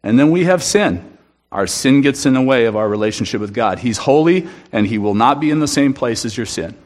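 A man's voice: medium pitch, animated, a little fast, darkish tone. A man giving an earnest, emphatic sermon testimony in a church room, often restarting his sentences. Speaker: guest speaker at a church.

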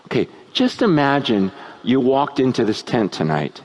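A man preaching a sermon at a tent meeting, moving from hushed, low musings to loud, shouting peaks. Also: moderate pace. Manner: animated, swinging from hushed to shouting.

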